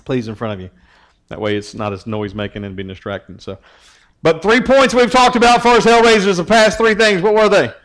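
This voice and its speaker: A youth pastor gives a relaxed sermon. He teases his listeners and keeps throwing questions at them, his voice sitting slightly high for a man. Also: brisk. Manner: joking, teasing, asks the group questions.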